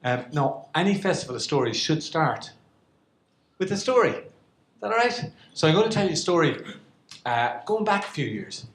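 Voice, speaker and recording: A middle-aged Irish man telling a comic story to a live audience, animated and self-mocking. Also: on the high side, normal speed. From Ireland. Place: event hall with a live audience. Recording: roomy live hall.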